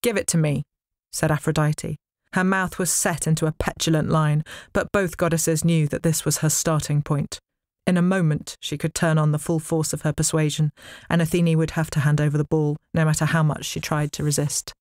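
Woman author reading her book aloud, low voice, dead dry studio. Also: level tone, moderate pace, darkish tone, no echo. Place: recording studio.

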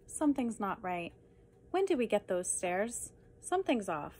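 A woman reading humorous poems aloud with deadpan, dry comic timing. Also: medium pitch, moderate pace, slight background noise. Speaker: reader.

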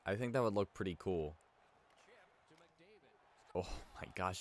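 Young man, gaming commentary, lowish pitch, rambling, filler-heavy, quick outbursts. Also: a bit bright. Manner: rambling storytelling with frequent "like", bursts of frustration at the game. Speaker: gaming YouTuber. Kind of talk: casual let's-play commentary.

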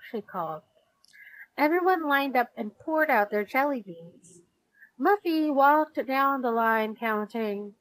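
A woman reading a children's storybook aloud in a gentle, unhurried way. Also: a little high, expressive, dry recording, poor audio. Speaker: storybook reader.

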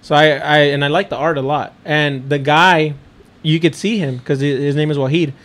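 Young guy on a podcast, kinda high voice, hyped up and cussing a lot as he tells stories. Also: normal speed. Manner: excitable storyteller, swears freely. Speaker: podcast guest, NFT creator. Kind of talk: casual chat.

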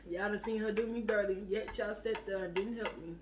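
A man's voice: high-pitched, fairly even intonation, moderate pace, noisy background. A young man with a Caribbean English accent, laid-back and mock-complaining in a casual couple vlog at home. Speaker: vlogger. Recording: roomy, mic at a distance.

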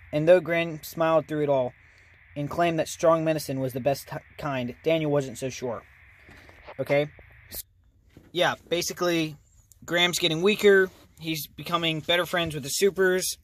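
A man's voice: a little high, fairly even intonation, normal speed. A man reading a children's novel aloud as a hobby reader, earnest and casual. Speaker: audiobook reader. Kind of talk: amateur audiobook reading.

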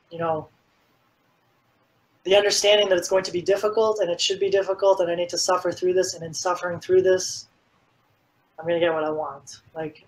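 A man's voice: high voice, low-quality recording. A man being interviewed as a fitness coach, speaking casually and with energy, and filling his talk with "like". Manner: energetic, animated storytelling with many "like"s.

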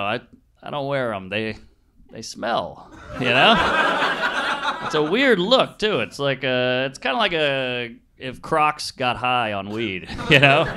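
A man performing off-the-cuff stand-up into a handheld mic, his voice sitting at an ordinary pitch. He works the crowd with blunt, crude jokes and keeps poking fun at himself. Audience noise is clearly audible throughout the live club recording. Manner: blunt, crude, self-mocking crowd work. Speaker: stand-up comedian. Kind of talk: improvised stand-up set. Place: comedy club stage before a laughing audience.

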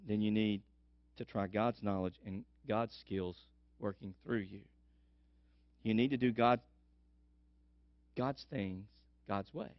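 A man's voice: lowish voice, takes it slowly, long pauses, no echo. A man preaching a sermon as pastor, telling stories animatedly and repeating for emphasis. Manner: animated storytelling, emphatic repetition. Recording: dull lo-fi sermon recording.

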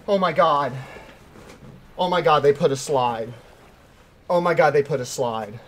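A young gaming streamer with a fairly high voice talks at a measured pace, pausing often, while playing a climbing game live. Excitable, he yelps and shouts when startled and chats with himself and his viewers between plays. Faint background noise is audible.

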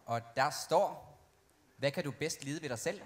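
A man's voice: fairly high pitch, normal speed. Man plainly reading out questions. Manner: reads questions aloud plainly. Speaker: question reader.

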